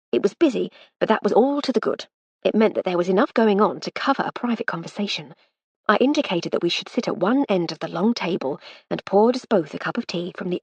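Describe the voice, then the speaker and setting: Husky woman narrating with lively lilt. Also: mid-range voice, no echo. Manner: wry, lively storytelling. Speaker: audiobook narrator. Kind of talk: first-person audiobook narration.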